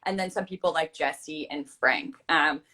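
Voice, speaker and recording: A woman fiction writer hosting an interview, chatty and animated, often acting out quick reactions. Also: low voice. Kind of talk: casual conversational interview.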